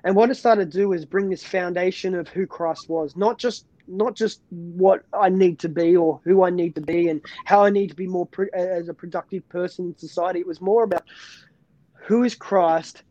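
Man, high voice, earnest testimony, halting restarts, dry close sound, muffled lo-fi quality. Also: fairly even intonation, dark tone, no echo. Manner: earnest, many restarts and repeats. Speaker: pastor, interview guest. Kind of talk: personal faith testimony.

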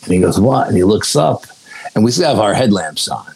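A man telling a story in casual talk, animated and swearing freely, acting out the dialogue. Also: fairly low pitch, brisk, gravelly, slightly rough, low-quality recording. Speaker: guest, paranormal investigator.

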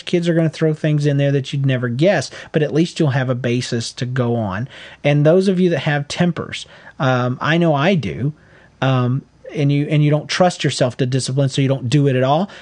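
A middle-aged man co-hosting a podcast, giving earnest, folksy parenting advice in casual chat. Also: on the high side. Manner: earnest, folksy, animated when acting out quotes. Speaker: podcast co-host.

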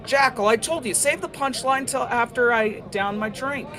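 A man's voice: very high voice, moderate pace, crowd noise, voice pushed up. A man voicing a blunt, scolding female lieutenant in armor. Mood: exasperated. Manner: scolding, commanding.

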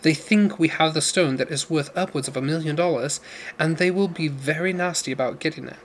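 An earnest young woman courier, urgent and low-voiced, as a male reader puts her on. She speaks softly and deliberately, her pitch nudged a little high. Faint background noise sits under the voice. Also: natural voice. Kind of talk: audiobook character voice.

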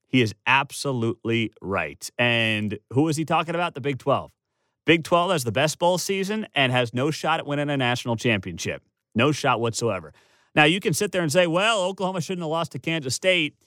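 In a dry, clean studio recording, a man with a mid-range, slightly bright voice hosts sports talk about college football. His commentary is opinionated, emphatic and sarcastic, and he stacks up one rhetorical question after another.

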